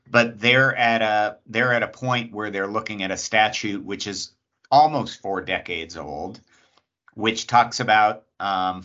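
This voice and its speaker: A man, speaking as a state lobbyist at an agency hearing, polite and measured with many pauses. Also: deep voice, pushed and bright, lo-fi sound. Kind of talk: public comment at agency hearing.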